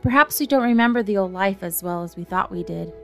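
A woman's voice: mid-range voice, lively intonation, fast talker, faint music behind, lightly acted. A woman voicing an earnest, motherly young girl in a storybook reading.

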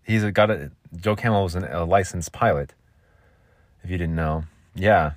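A man's voice: sits low, moderate pace, dry recording. Rambling goofy man hosting a podcast. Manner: goofy, rambling, jokey asides. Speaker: podcast host. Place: makeshift home vocal booth.

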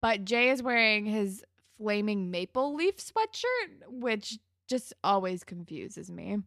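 A woman's voice: mid-range voice, big pitch swings, a bit bright, no room sound, clean studio sound. A woman co-hosting a casual chat, recapping a TV episode and laughing often. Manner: chatty, laughs often, quotes characters in quick asides. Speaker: podcast co-host.

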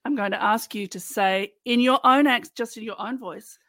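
A woman's voice: a little high, moderate pace, fairly bright tone, dry recording. A woman with an Australian accent, a guest on a podcast, chatting in a playful, teasing way. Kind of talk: casual chat.

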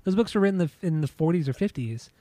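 A man's voice: fairly high pitch, lively intonation, fast, mellow, dry recording. Man, podcast host, laid-back chat, casual swearing, dry close sound.

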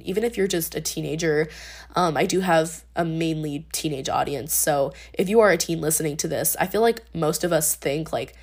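Young woman, podcast host, casual faith talk, lots of fillers, lowish pitch. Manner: rambling, many fillers and restarts.

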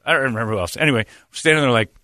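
A man hosting casual studio banter, an animated storyteller who swings his pitch around. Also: rapid-fire, dry recording. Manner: animated storyteller, jumpy pitch, mock voices.

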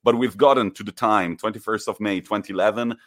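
A man's voice: lowish voice, fairly even intonation, a bit bright. A man co-hosting a football podcast, telling stories with enthusiasm in a casual chat. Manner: storytelling, enthusiastic, quick bursts. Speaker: podcast co-host.

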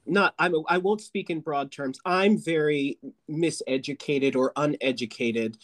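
A man's voice: a little high, a little slow. An American man hosting an interview podcast, casual and self-deprecating, with hesitant starts. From United States. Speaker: podcast host.

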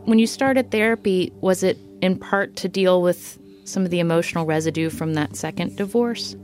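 A woman hosting a podcast, who asks questions and reads measured narration. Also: on the low side, a little mellow, soft background music. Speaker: podcast host. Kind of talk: interviewing and scripted narration.

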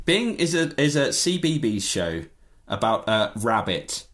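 Animated man ranting comically. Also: medium pitch, unhurried. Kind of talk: casual chat.

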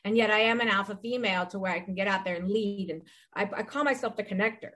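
A middle-aged woman who founded a Pilates studio talks casually as a guest, rambling and acting out what people said. Her voice is mid-range and fairly bright, and she speaks fast.

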